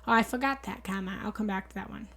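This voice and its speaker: Bright, slightly gravelly chatty woman. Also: mid-range voice, quick pace. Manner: earnest, chatty, often repeats herself and thanks viewers. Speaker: meditation teacher hosting a live session. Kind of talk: casual live-stream talk, reading and answering comments. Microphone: studio mic through a small soundboard.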